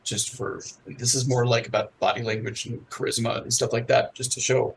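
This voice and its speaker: A man running a tabletop game as game master, talking hesitantly with many pauses. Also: medium pitch, little pitch movement, slight background noise, low-quality recording. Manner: hesitant, full of ums and restarts.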